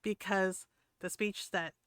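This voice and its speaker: A woman's voice: mid-range voice, steady tone, slow, a bit bright, smooth, no room sound. Brief: woman streamer ranting, foul-mouthed and fired up, dry close sound. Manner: profane, heated, laughs between points. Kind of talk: casual ranting chat.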